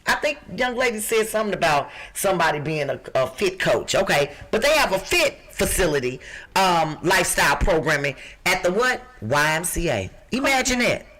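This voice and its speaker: A middle-aged woman from the Midwest with a rough-edged voice, co-hosting a podcast and reading out job listings in a brassy, emphatic, joking way. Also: fairly low pitch, big pitch swings, normal speed, a bit bright. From Chicago. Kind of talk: lively podcast chat.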